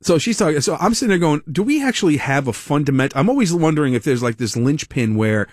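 A man hosting a talk radio show, speaking in an animated monologue full of sarcastic asides and self-corrections. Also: a little high, fast talker, dry recording, clean studio sound. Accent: American. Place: radio studio. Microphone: studio microphone.

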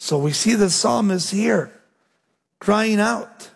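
A man preaching a sermon, swinging between loud emphatic lines and low, hushed endings. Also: slow pace, vocal fry, husky. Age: young adult. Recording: long hall reverb.

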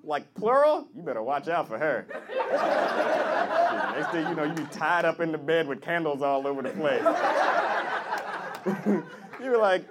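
High-voiced male host teasing the crowd. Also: sing-song, slow, long pauses. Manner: teasing, loud, playful with audience. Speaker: comedy show host. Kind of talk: crowd work. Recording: live club with crowd and noise.

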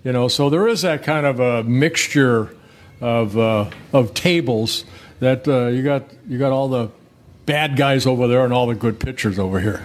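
A man's voice: mid-range voice, moderate pace. Older man, interview guest, folksy, rambling, restarts often, faint background noise. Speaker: guest, former pitcher. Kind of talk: relaxed interview storytelling.

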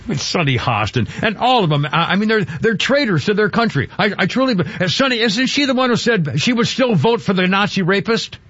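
A male talk radio host with a somewhat high voice, rambling through an indignant, mocking monologue. He stumbles and restarts often. The sound is dry and a little dull. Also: expressive, brisk, few pauses, fairly bright tone, husky, no room sound.

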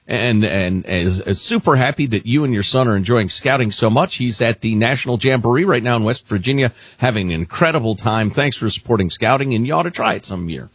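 A man's voice: mid-range voice, lively intonation, brisk, hardly any pauses, fairly bright tone, breathy edge, no echo. A male talk radio host reading listener messages in casual, dry, sarcastic banter.

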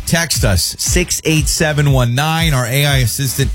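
A man's voice: mid-range voice, normal speed, faint music behind. A man in his thirties co-hosting a radio show, bantering casually, telling stories and joking with playful asides. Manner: jokey, storytelling, playful sing-song asides.

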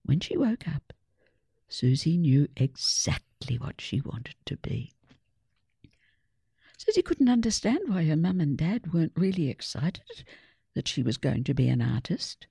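A woman reading a children's story aloud in a measured, expressive way. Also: sits low, vocal fry, breathy edge, no room sound, studio quality. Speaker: reader. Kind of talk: storybook narration.

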